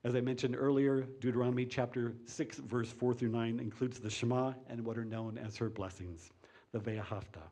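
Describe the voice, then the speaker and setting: A man leading a synagogue service, explaining the week's scripture reading in a steady teaching voice. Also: medium pitch, moderate pace. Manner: reads a joke with lively put-on voices, then teaches plainly. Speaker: service leader. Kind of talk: sermon with a told joke.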